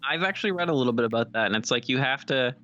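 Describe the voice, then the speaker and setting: Bright-voiced chatty man. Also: medium pitch, lively intonation, dull audio. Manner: quick, chatty, lots of fillers and asides. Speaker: podcast co-host. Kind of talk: casual chat.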